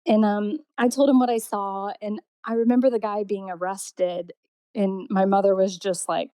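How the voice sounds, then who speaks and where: Woman artist, casual storytelling, mellow tone, dry close mic. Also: mid-range voice, measured pace, no room sound. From Indiana, USA. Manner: rambling, full of "like" and restarts, laughs often. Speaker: artist interviewee.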